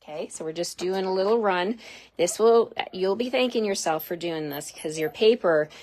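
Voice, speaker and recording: A woman's voice: mid-range voice, normal speed, a little mellow. A middle-aged woman demonstrating card-making in a live tutorial, explaining each step in a chatty way and answering viewer questions. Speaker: craft demonstrator.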